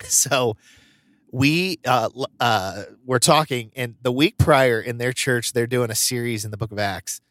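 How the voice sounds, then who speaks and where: A man co-hosts a podcast in relaxed, casual chat, telling funny stories and often breaking into laughter. His voice sits in a middle register, and the sound is dry and close. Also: mid-range voice, measured pace, no echo. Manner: chatty storyteller, laughs often. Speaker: podcast co-host.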